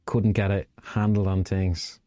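A man's voice: deep voice, flat delivery, measured pace, mellow, no room sound. Playful man hosting a podcast. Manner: playful, sings and reads rhymes aloud. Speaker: podcast host. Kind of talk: casual podcast chat.

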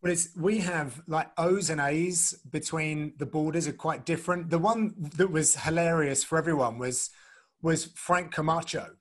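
A man hosting a relaxed conversation who rambles, restarts his sentences and laughs easily. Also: on the high side, moderate pace, hardly any pauses. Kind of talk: casual chat.

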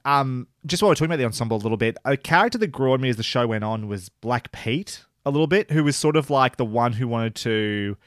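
Male podcast co-host, hesitant, self-conscious; animated pitch, dry recording. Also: fast, hardly any pauses, no room sound. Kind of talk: casual TV review chat.

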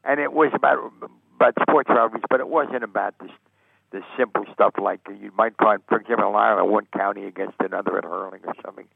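A man's voice: fairly low pitch, quick pace, creaky, breathy edge, dry recording. Older American man on a tinny phone line. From United States. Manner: animated storyteller, acts out quoted voices. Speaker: sportswriter guest. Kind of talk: anecdotal storytelling interview.

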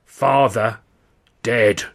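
A man voicing an ancient female fortune-teller with a harsh, rasping voice, speaking in slow, broken, halting pronouncements. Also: medium pitch, steady tone. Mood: barking.

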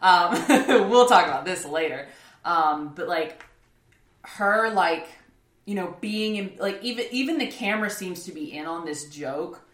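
A woman's voice: on the low side, expressive, a little slow, fairly bright tone. A woman co-hosting a podcast, chatting casually about an anime, rambling with many restarts and laughs. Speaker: podcast co-host. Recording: roomy echo.

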